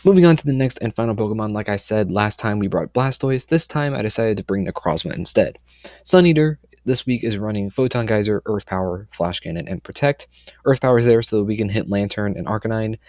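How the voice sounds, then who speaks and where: A man's voice: on the low side, lively intonation, a little fast, a little mellow, dry recording, clean studio sound. Young man casually explaining his team. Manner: rambling, confident, many "um"s and self-corrections. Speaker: competitive Pokemon player explaining his team. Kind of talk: casual team breakdown for a video.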